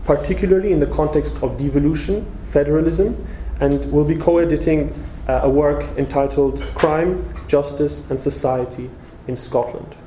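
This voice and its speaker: Male host, slightly higher voice, dark mellow tone, roomy hall, halting formal intro. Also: a little hiss or hum. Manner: hesitant, frequent fillers. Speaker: event host introducing speaker. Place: lecture room. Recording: roomy hall with faint ambience.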